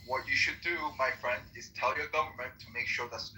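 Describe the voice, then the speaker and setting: A man's voice: mid-range voice, fairly even intonation, fairly quick, sharp tone, a little hiss or hum. A man on a phone call, dismissive and mocking, repeating that he doesn't care. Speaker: prank call target. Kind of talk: heated phone argument.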